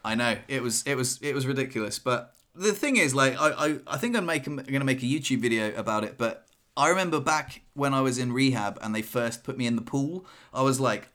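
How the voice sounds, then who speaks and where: A man co-hosting a podcast, telling a story in a rambling way, with many restarts and lively quoted asides. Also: medium pitch, brisk, few pauses. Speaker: podcast co-host. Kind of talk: casual podcast chat.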